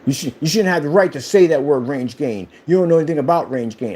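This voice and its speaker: A husky-voiced man rants on his company's livestream, firing off rhetorical questions and jumping between points. His pitch moves a lot and climbs high when he is worked up, and his tone is warm and mellow. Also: a little fast. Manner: animated and ranting, full of rhetorical questions. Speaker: owner of a screen paint company. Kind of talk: casual ranting livestream.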